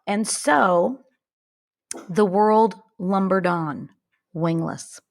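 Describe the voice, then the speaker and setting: A woman's voice: mid-range voice, drawn-out words, creaky. A woman co-hosting a podcast, chatting playfully and joking with her sister. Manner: playful, jokey banter. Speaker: podcast co-host. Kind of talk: casual chat.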